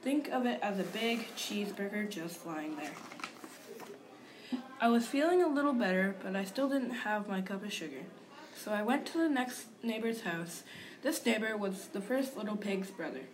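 A woman's voice: mid-range voice, animated, normal speed, slight background noise, natural voice. A woman reading aloud as a male wolf narrator, telling his side of the story in an aggrieved, confiding manner. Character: wolf, male, self-pitying and sly.

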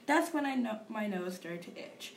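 A woman's voice: mid-range voice, lively intonation, moderate pace, gravelly, slight background noise. A woman reading aloud as a male wolf narrator, telling his side of the story in an aggrieved, confiding manner. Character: wolf, male, self-pitying and sly.

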